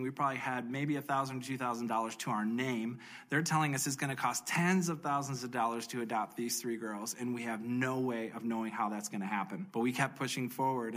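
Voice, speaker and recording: A man's voice: mid-range voice, fairly bright tone. Earnest man telling his story. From United States. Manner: earnest, emotional, speeds up and slows for emphasis. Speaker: speaker sharing a personal testimony. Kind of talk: personal faith testimony storytelling.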